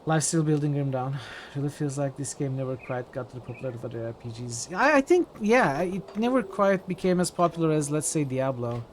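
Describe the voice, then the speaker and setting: A man's voice: a little high, animated, brisk, slight background noise. A man streaming a game, thinking aloud in casual commentary with frequent hesitations.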